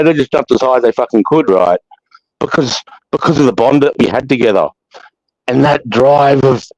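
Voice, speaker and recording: A man's voice: mid-range voice, darkish tone, dry recording. An Australian man hosting a live chat, talking bluntly with heavy swearing and preaching with emphasis. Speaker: host of a live chat show. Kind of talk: casual spoken monologue. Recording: dull lo-fi dry audio.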